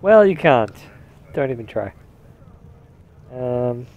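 A let's-player with a mid-range, sing-song voice talks slowly through his gameplay, casually musing and only half paying attention. Now and then he puts on a mock posh old-English manner. The audio has phone quality with a little background noise.

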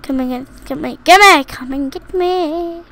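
Woman, very high voice, slow drawl, giggly, sing-song, mock-taunting gameplay chat. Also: a bit bright, slight background noise. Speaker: gaming YouTuber. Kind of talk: playful gameplay commentary.

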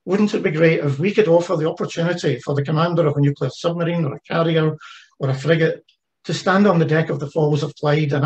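A man's voice: fairly high pitch, a little mellow, poor audio. A man giving an online presentation about a heritage ship project, talking conversationally with frequent fillers and restarts. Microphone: video call.

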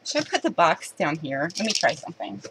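A woman chatting excitedly to camera while unboxing a box of candy at home, giggling and restarting her sentences. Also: low-pitched, fairly quick, background noise. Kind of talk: casual unboxing chat to camera.

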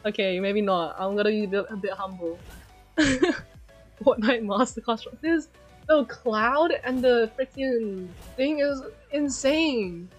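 Excitable high-voiced woman streamer. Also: slow, faint music behind. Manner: excitable, shrieks and laughs at game moments. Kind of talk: live gameplay commentary.

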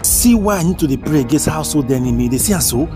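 A man's voice: a little high, lively intonation, fast, music in the background. A man with a Nigerian accent narrating and acting out a comedy skit as a husband, coaxing and pleading in his asides and dialogue.

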